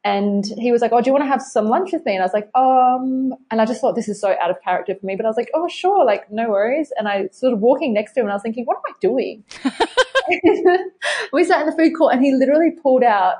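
A woman's voice: fairly high pitch, animated, a little mellow. A woman, a fitness trainer chatting as a podcast guest and acting out quoted lines. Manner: fast, chatty, many likes, acts out quotes. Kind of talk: casual interview chat.

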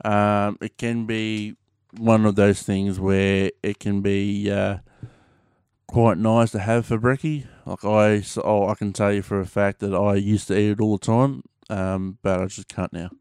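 A man's voice: fairly low pitch, little pitch movement, unhurried, a little mellow, clean tone, no room sound, clean studio sound. A man with an Australian accent chatting casually to his audience, rambling and slangy with plenty of fillers. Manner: rambling, laid-back, slangy with many fillers. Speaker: vlogger. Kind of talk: casual chat to camera.

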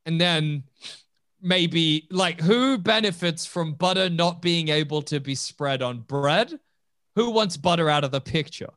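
A man's voice: on the high side, unhurried, no room sound, clean studio sound. A man co-hosting a comedy podcast, chatting casually and laughing often. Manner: laughs often, animated and jokey. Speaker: podcast co-host. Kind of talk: casual chat.

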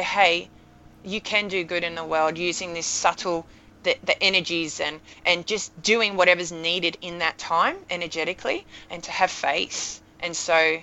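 A woman in her thirties, a podcast guest telling an emotional story in a lively, animated way. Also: fairly low pitch, muffled recording. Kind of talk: casual storytelling.

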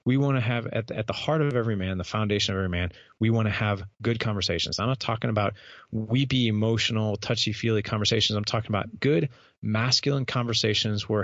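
Low, gravelly man telling his story. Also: fast talker, fairly bright tone, dry recording. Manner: earnest, candid, repeats words as he talks. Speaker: podcast host and guest speaker. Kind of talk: personal storytelling in an interview. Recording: dull, lo-fi sound.

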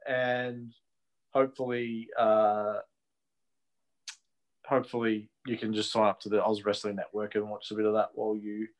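A man's voice: medium pitch, a bit bright. A man co-hosting a podcast in casual, opinionated chat, laughing easily. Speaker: podcast co-host.

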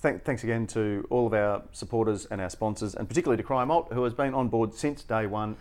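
A man, hosting a podcast in relaxed, joking banter with his co-host. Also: fairly low pitch, quick pace. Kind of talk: casual podcast chat.

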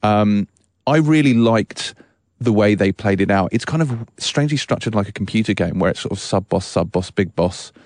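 A man talks through a casual podcast chat, rambling along with fillers and restarts. His voice sits fairly low. The sound is dry and close. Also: lively intonation, normal speed, darkish tone, no room sound.

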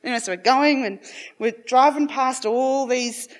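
Animated woman telling a family story. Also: high-pitched, a little slow. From Australia. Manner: rambling, animated, acts out family voices. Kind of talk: live personal storytelling.

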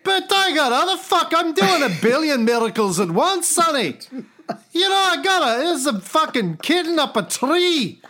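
A man putting on a cranky Scottish God, old as time, swearing and scolding in a high voice. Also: very animated, moderate pace, pushed and bright, full character voice. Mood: blustering. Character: grumpy foul-mouthed ancient male God, overworked.

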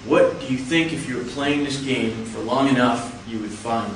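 A man giving a lecture, explaining step by step in a measured way. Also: mid-range voice, steady tone, a little hiss or hum. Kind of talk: explanatory talk. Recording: echoey hall, from far off.

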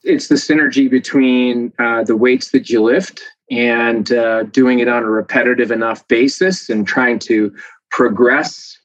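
A man who is a professor, explaining things as a guest in a casual interview with a lively, chatty manner and many fillers. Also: medium pitch, a little slow, no echo. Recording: dull dry lo-fi sound.

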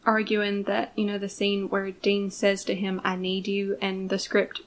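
A young woman co-hosts a fan podcast, chatting casually, swearing, and arguing her points emphatically. Her mid-range voice is delivered completely flat and unhurried.

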